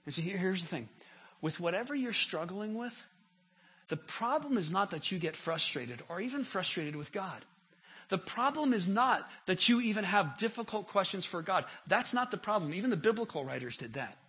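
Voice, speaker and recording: With a high, animated voice carrying a breathy edge, the pastor preaches at a normal speed. He repeats words as his sermon swells and his prayers climb to near-shouts, full of passion.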